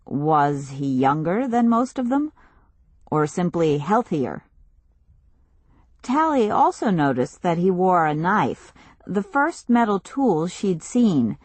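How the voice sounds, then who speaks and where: A woman narrating a novel in a measured, even storytelling manner, close to the mic. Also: on the low side, no echo. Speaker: audiobook narrator. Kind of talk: scripted narration.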